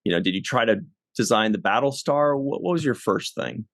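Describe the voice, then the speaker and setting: A man's voice: mid-range voice, animated, brisk, a bit bright, no echo, studio quality. A man hosting a casual podcast, asking questions and teasing his guests. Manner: joking, teasing. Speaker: podcast host.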